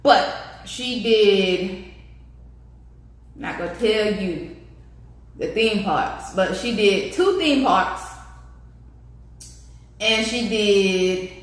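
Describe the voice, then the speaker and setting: A young woman vlogger telling a casual story, animated and slangy, speaking straight to her viewers. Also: mid-range voice, drawn-out words, long pauses. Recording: echoey room.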